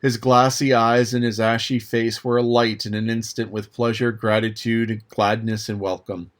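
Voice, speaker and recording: Male audiobook reader, measured and even narration of a classic novel. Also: mid-range voice. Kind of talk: scripted narration.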